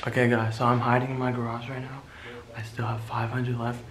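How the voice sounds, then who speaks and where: A man's voice: mid-range voice, level tone, a little fast, fairly bright tone. Playful young man vlogging a prank. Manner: playful, laughing, teasing. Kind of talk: casual prank vlog.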